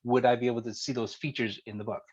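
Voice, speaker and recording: A male interview host asks his questions in a rambling way, restarting and rephrasing them as he goes. His voice sits at an ordinary pitch for a man. The recording sounds dull and lo-fi. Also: flat delivery, fast, breathy edge. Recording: dull lo-fi audio.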